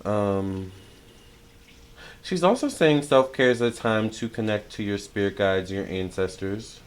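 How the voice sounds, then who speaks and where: A young man giving a casual tarot channeling talk, chatty and excitable, with many fillers and self-corrections. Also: on the low side, measured pace. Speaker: tarot reader.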